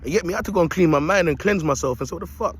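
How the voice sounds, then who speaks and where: A man's voice: a little high, very fast, breathy edge. A man vlogging outdoors in a park into a phone, streetwise and preachy, in a casual motivational style. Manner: streetwise and preachy, repeats "you get me".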